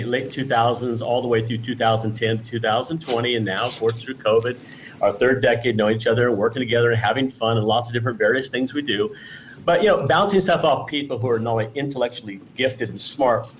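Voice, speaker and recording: A man's voice: medium pitch, a bit bright, slight background noise, rough recording. Effusive rambling man on a radio show. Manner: effusive, rambling with many restarts. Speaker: guest presenting T-shirts. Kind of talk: casual radio chat.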